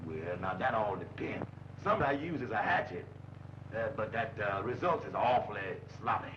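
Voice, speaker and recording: An actor playing a sly roommate and former barber in a 1940s film comedy, with a slow deadpan drawl and mangled big words. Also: male voice, fairly low pitch, close to an everyday voice. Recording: dull old film soundtrack with faint hiss.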